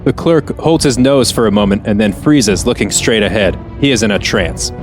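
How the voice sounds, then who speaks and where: A man's voice: fairly low pitch, animated, moderate pace, music in the background. A man co-hosting a podcast, narrating a comedy script he wrote and defending it with an earnest, laughing manner. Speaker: podcast co-host and script writer. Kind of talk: narrating a script and casual chat.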